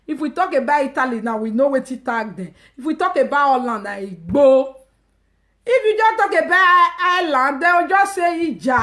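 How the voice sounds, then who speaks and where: A woman with a Nigerian Pidgin English accent hosts a casual live stream with a high, bright voice. She rants emphatically and mockingly. She jumps from loud shouted outbursts down to low muttered asides. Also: sing-song, normal speed. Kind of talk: animated casual rant.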